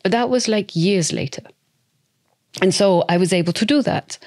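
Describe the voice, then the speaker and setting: A woman's voice: mid-range voice, normal speed, a little mellow. A woman in her forties, a guest entrepreneur chatting expressively in a podcast interview, sprinkling in endearments.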